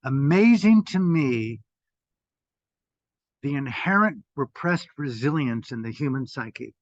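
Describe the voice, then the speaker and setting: An older man giving an impassioned talk as a meditation teacher, swearing freely and swinging between loud bursts and hushed asides. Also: medium pitch, animated, slow pace, no room sound. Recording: dull, dry lo-fi audio.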